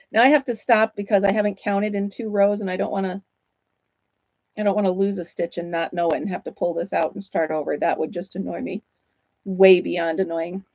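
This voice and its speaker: A woman's voice: medium pitch, steady tone, normal speed, a little mellow, no echo, muffled recording. A woman hosting a casual livestream from home, chatting with viewers while she crochets and laughing often. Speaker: livestream host.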